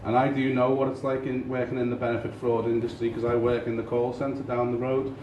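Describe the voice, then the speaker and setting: A young man from Liverpool with a Scouse accent, doing a dry, deadpan stand-up set in a small comedy club. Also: medium pitch, a little fast. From Liverpool, England. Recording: roomy far-off club recording with crowd noise.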